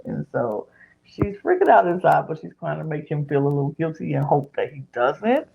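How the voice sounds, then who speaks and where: A woman's voice: low voice, moderate pace, gravelly, highs cut off, a little hiss or hum. A woman hosting a podcast, retelling a reality show episode in casual chat and acting out what people said. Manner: animated retelling, acting out others' lines.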